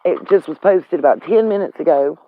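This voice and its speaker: A woman's voice: fairly low pitch, fairly quick. A woman hosting a live stream, ranting angrily with heated, profane slang while on the road. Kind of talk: angry live stream rant. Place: in a vehicle on the road. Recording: tinny phone-like audio.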